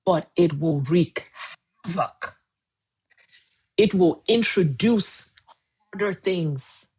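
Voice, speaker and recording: A woman's voice: on the low side, drawn-out words, darkish tone, husky. A woman in her forties coaching on a casual livestream, emphatic and repeating key phrases. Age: 40s. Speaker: weight-loss coach. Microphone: phone livestream.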